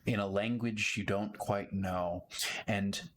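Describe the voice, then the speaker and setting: Slow low-voiced man as game master. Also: steady tone. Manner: measured descriptive narration. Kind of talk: narrating a tabletop game.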